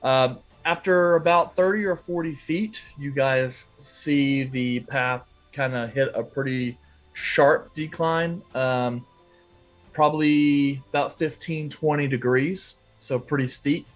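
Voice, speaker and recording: A man narrating a tabletop adventure as game master. He describes the scene haltingly, with many fillers. His voice sits at a middle pitch. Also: soft background music.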